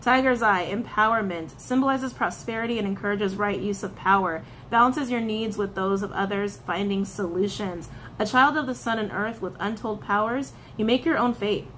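A woman reading tarot and crystal meanings, animated, repeating her phrases and breaking into excited outbursts. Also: medium pitch, moderate pace, few pauses, a little hiss or hum. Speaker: tarot reader.

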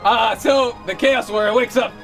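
A man's voice: extremely high pitch, normal speed, fairly bright tone, faint music behind. A young man acting as game master, narrating a tabletop board game in a playful, jokey way.

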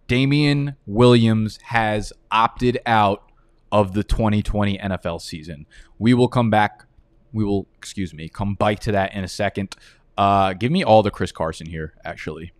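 A man's voice: on the low side, moderate pace, no room sound. A man hosting a live fantasy football draft, talking in a casual, rambling way and swearing freely. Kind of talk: live-streamed draft commentary.

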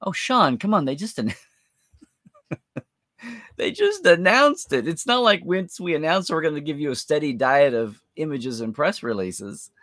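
A man's voice: fairly high pitch, very animated, unhurried, fairly bright tone, dry recording, studio quality. Chatty man hosting a live stream. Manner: rambling, chatty, thinks aloud with many fillers. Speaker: host. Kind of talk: live-stream chat answering viewer comments.

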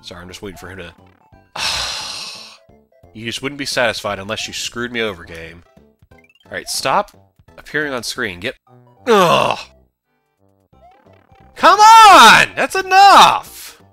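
A young man giving casual let's play commentary, rambling, then shouting at the game and apologizing. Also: lowish voice, lively intonation, moderate pace, pauses often. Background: game music.

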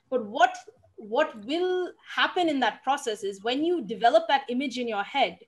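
Expressive woman answering on a video call. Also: on the high side. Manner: warm, expressive, stresses words for effect. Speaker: featured dancer and speaker. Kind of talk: answering questions in an online reading session.

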